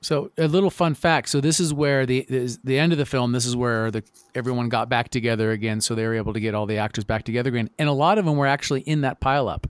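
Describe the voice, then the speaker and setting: A man's voice: medium pitch, steady tone, quick pace, dry recording. A man appearing as a podcast guest, casually sharing film trivia and playfully teasing the hosts. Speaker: podcast guest, actor and filmmaker.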